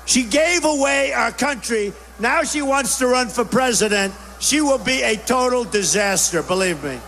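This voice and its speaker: Speaking at a moderate pace in a very high, gravelly voice with a sharp tone, a man rallies a crowd in a large indoor venue with an animated campaign speech. He uses punchy, repeated short phrases, bombastic and stirring, and the echoey hall carries faint crowd noise.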